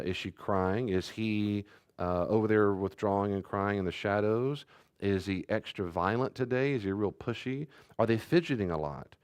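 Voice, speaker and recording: A man's voice: fairly low pitch, no room sound, studio quality. A pastor giving a conversational sermon, acting out short exchanges between parents and children and sometimes raising his voice for emphasis.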